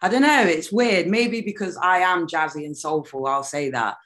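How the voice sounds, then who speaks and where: A British woman in a casual interview chat as the guest, relaxed and loose, with frequent laughs and fillers. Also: fairly low pitch, moderate pace. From United Kingdom. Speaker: guest singer.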